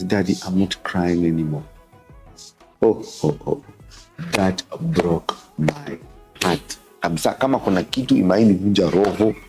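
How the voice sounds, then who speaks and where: A deep, husky-voiced Kenyan man in his thirties talks earnestly as a show host, weaving Swahili into his English. He leans on repetition to press his points. Faint music plays behind him. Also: darkish tone, low-quality recording. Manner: switches between English and Swahili; earnest, repeats words for emphasis. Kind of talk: casual reflective talk.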